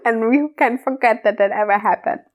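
A woman with a slightly high voice hosts her own podcast and tells a personal story in a chatty, open monologue. She laughs often and leans on casual fillers. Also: brisk. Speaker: podcast host.

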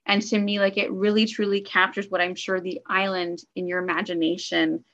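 A woman's voice: mid-range voice, flat delivery, a little fast, a bit bright, highs cut off. A woman from Canada co-hosting a book podcast, chatting enthusiastically and rambling with fillers and asides. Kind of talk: casual book review chat.

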